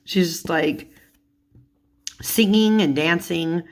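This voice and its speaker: A woman's voice: on the low side, takes it slowly. A woman in a casual vlog, chatting about tarot cards, laughing often and swearing casually. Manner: giggly, laughs often while talking. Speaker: tarot vlogger.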